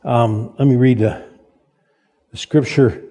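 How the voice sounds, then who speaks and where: An older man preaching a sermon in a folksy, halting way, with frequent restarts and self-deprecating humor. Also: mid-range voice, steady tone, warm tone, husky. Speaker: pastor. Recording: reverberant hall.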